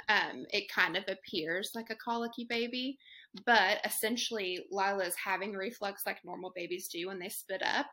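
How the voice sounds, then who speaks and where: A young woman with a Southern American accent, a podcast guest telling her story in a relaxed, chatty way with many fillers. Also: lowish voice. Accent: Southern US (Tennessee). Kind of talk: casual interview.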